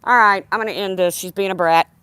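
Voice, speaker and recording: A woman's voice: lowish voice, steady tone, fast, background noise. A woman chatting casually on a livestream, rambling and talking to her dog. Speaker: livestream host.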